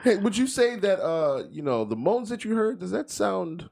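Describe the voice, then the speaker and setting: A podcast co-host putting on a high, jokey voice as a courtroom lawyer questioning a witness. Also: male voice, big pitch swings, normal speed, creaky, a little mellow, full character voice. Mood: mocking.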